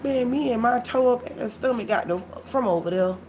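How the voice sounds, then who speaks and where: A woman telling a story on her live stream, animated and blunt, swearing freely and talking straight to her viewers. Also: fairly high pitch, fairly quick, a little hiss or hum. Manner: animated, blunt and profane, addresses viewers as y'all. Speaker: livestreamer.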